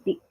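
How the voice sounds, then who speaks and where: A woman co-hosting a casual live-stream interview, asking questions slowly and backchanneling often. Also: phone-quality sound. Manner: slow, frequent backchannel. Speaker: co-host interviewer.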